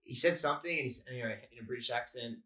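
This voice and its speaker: Australian male comic co-host, rambling storyteller, bright voice. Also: medium pitch, racing. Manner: rambling, storytelling with acted-out quotes. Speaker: comedian podcast co-host. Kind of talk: casual chat. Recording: roomy echo.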